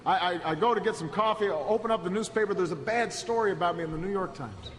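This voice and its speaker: A man giving a storytelling speech at a podium, halting and repeating words as he restarts, and rising to a rousing, shouted close. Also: sits high. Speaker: political speaker. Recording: echoey hall with steady background noise.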